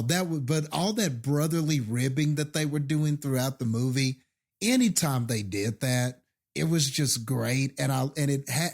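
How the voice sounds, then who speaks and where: A man co-hosting a film podcast, rambling excitedly in casual chat. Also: medium pitch. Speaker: podcast co-host.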